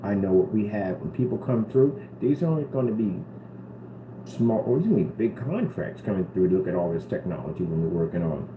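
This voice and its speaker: A man's voice: sits low, a little fast. A man vlogging to the camera in an earnest, rambling way, often repeating himself. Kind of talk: casual talk to camera. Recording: roomy with steady background noise.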